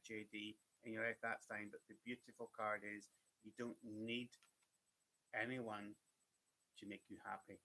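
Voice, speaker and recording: Male tarot reader, bright forward tone, chatty and reassuring, live-stream one-card readings. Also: lowish voice, steady tone, moderate pace. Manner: chatty, repetitive, reassuring, addresses viewers by name.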